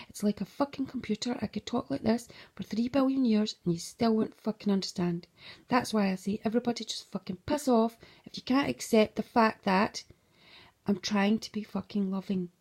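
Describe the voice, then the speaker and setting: Husky, gravelly woman ranting and swearing. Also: medium pitch, normal speed. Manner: heavy swearing, agitated, emotional; drops into hushed whispery stretches. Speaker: mother. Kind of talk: rambling personal monologue.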